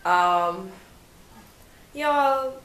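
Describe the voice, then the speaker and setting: A woman's voice: mid-range voice, lively intonation, very slow, fairly bright tone. A young woman chatting casually to camera at home, rambling with many ums and restarts in a self-described pompous-sounding voice. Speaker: vlogger. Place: living room at home. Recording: roomy room with faint background noise.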